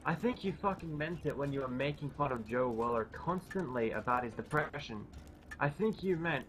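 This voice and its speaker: A man's voice: mid-range voice, moderate pace, a bit bright, low-quality recording. A man on a group voice chat in a casual, rambling rant, annoyed, swearing and full of fillers. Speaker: gamer ranting on a group voice chat.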